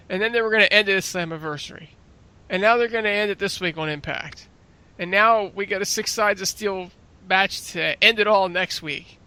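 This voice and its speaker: A man's voice: high voice, sharp tone. A man co-hosting a casual wrestling podcast, talking in an exasperated, opinionated way. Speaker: podcast co-host.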